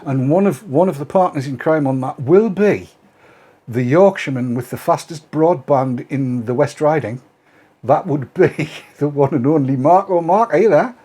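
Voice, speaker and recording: A man's voice: fairly high pitch, moderate pace, mellow, breathy edge. A man hosting a casual live stream, chatty and teasing as he brings in his guests. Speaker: host.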